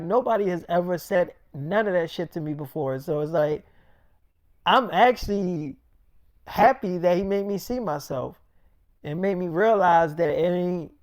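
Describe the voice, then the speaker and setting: High-voiced man rambling through a slangy story. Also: a little mellow, no echo, clean studio sound. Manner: slangy and profane, strings quotes with "I'm like"; restarts and stammers often. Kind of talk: casual rambling storytelling monologue.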